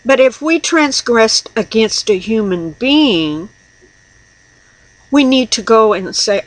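Slow, earnest woman preaching. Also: mid-range voice, expressive, poor audio. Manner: earnest, reading scripture aloud and confessing. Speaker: lay preacher. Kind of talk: personal devotional sermon.

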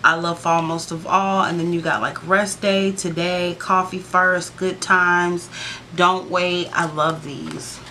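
A woman's voice: lowish voice, flat delivery, takes it slowly, sharp tone, a little hiss or hum. A woman vlogging a casual sticker book flip-through, chatty and gushing, with sassy playful asides to her viewers.

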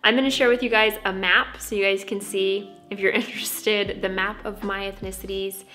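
A woman's voice: mid-range voice, level tone, normal speed, bright, forceful tone, soft background music. A young American woman talking to camera in a casual vlog, bubbly and playfully dramatic. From United States. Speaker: vlogger.

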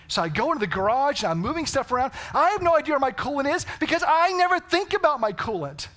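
A man's voice: high-pitched, expressive, brisk, a bit bright. A man preaching a sermon, telling stories and asking the congregation rhetorical questions. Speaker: pastor. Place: church sanctuary.

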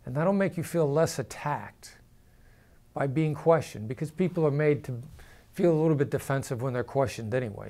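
Man explaining negotiation, measured tone. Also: a little mellow. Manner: measured, drops pitch and volume to demonstrate firm downward inflection. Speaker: former FBI negotiator. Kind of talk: explanatory talk to camera.

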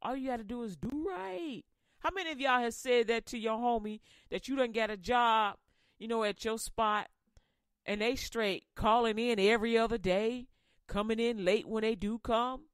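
A woman's voice: fairly high pitch, normal speed, clean tone, no room sound, clean studio sound. A woman hosting a comedic sermon podcast, preaching in casual slang and acting out scenes. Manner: animated, slangy, acts out Bible voices. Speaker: host, lay preacher.

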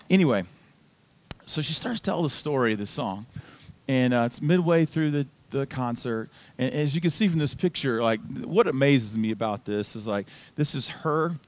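A male pastor delivering a sermon in a church. He talks in a relaxed, chatty way, telling stories like he would to friends. His voice sits at an ordinary middle pitch for a man. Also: normal speed. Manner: casual, conversational storytelling. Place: church sanctuary.

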